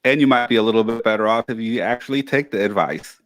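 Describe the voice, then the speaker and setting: A man's voice: fairly low pitch, quick pace, fairly bright tone, dry recording. A man co-hosting a motivational podcast, upbeat and chatty, reading out viewer comments. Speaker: podcast co-host. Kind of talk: casual podcast discussion.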